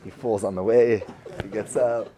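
Speaking in a warm, lowish voice with a steady tone and normal pace, this man recounts a Torah parable as a relaxed sermon. He keeps it conversational, circles back to the same phrases, and performs the voices of the characters he quotes.

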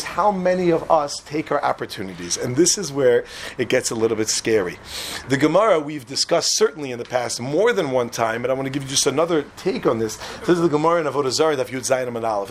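A man teaching a Torah class in an animated way, quizzing his listeners and laughing at his own jokes. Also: on the high side, slight background noise. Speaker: religious teacher.

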